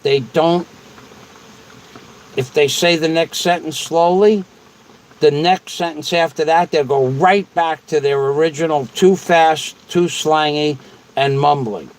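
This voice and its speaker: Slow-talking, rambling man on a livestream. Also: fairly high pitch, poor audio. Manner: rambling and repetitive. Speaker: livestream host. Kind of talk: casual livestream chat, answering viewers.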